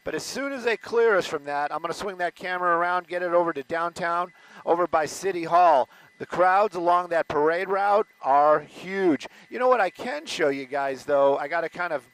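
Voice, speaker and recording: On a low-quality recording, a man with a fairly bright, higher-pitched voice gives loose, rambling live commentary as a news reporter in a helicopter over a stadium. He keeps interrupting himself, stopping and restarting mid-sentence.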